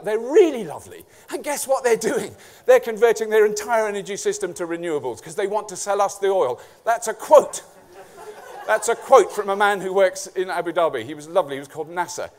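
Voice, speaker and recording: Sweary, sarcastic English man with a high voice. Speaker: conference speaker. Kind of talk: comic conference talk.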